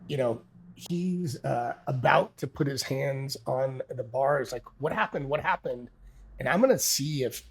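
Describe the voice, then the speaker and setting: A man thinking aloud as he plays a solo tabletop game, narrating dice rolls and often stopping to correct himself. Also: mid-range voice.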